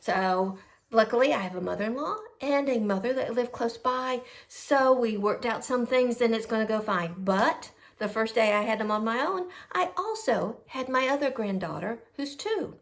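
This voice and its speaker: A middle-aged woman tells home stories in a casual vlog, her voice sitting high. She jumps into lively quoted voices as she goes, animated and chatty. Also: moderate pace. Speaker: host. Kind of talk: casual storytelling.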